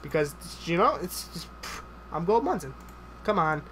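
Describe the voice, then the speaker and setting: A man giving live gameplay commentary, excitable and joking, swearing often and chattering in rapid bursts. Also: on the high side, a little hiss or hum.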